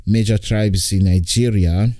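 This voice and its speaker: A man's voice: fairly low pitch, steady tone, a little slow, warm tone, no room sound, studio quality. A man in his twenties from Italy, hosting a casual podcast monologue from home while lying down, rambling with frequent repeats and laughs. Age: 20s. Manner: rambling, repetitive, laughs often. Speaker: podcast host and comedian.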